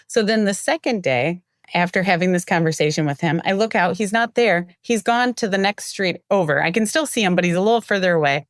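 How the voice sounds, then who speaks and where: A woman's voice: fairly low pitch, fairly quick, dry recording, studio quality. A woman guest on an interview show, telling stories and acting out the quoted dialogue in them. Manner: lively storyteller who acts out quoted dialogue. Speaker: marketing executive, guest. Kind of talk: casual interview storytelling.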